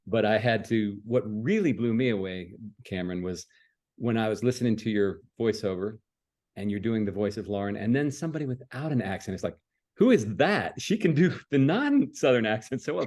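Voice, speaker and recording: A man from Maryland, producer and co-host, talks in an enthusiastic and affirming way, laughing easily. His voice sits somewhat low. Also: darkish tone. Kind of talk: casual interview chat.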